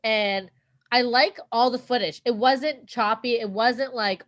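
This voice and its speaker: A woman's voice: a little high, unhurried. A woman co-hosting a podcast, chatting in an enthusiastic, talkative way. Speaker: podcast co-host. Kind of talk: casual chat.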